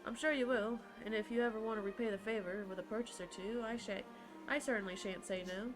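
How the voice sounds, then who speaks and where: A woman puts on a talkative travelling merchant man with a hammy Southern drawl, rolling out his long-winded sales patter at a middle pitch. Game music plays clearly behind the game dialogue. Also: steady tone, quick pace, lightly acted, low-quality recording. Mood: folksy, salesy. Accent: put-on American Southern. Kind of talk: reading game dialogue aloud.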